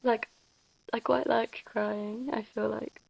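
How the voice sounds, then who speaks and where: A young woman talks through her day in a chatty, confiding vlog. Her slightly high voice is husky with a gravelly fry. She giggles often and keeps it soft and personal. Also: little pitch movement, slow pace, low-quality recording. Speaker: vlogger. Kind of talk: casual vlog chat.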